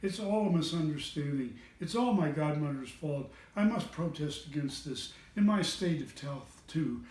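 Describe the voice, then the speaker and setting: A man voicing a frightened old gentleman who wails in a trembling, whining voice. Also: a little high, animated, moderate pace, hardly any pauses, reverberant, recorded from a distance, lightly acted, poor audio. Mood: wailing.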